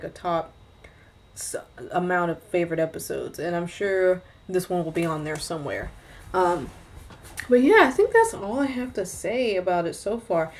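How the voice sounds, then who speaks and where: A young adult woman casually recapping an anime episode for her review series, chatty and rambling, often correcting herself mid-sentence. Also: mid-range voice.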